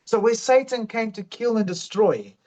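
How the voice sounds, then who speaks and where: A man's voice: high voice, normal speed, darkish tone. A man telling his faith testimony in an earnest, fervent way. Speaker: guest sharing testimony. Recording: dull lo-fi sound.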